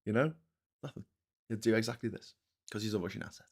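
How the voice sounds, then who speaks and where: A man's voice: on the low side, fast. A man in his forties with a Scouse accent, hosting a casual live-stream and ranting with heavy swearing. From Liverpool, England. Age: 40s. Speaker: host.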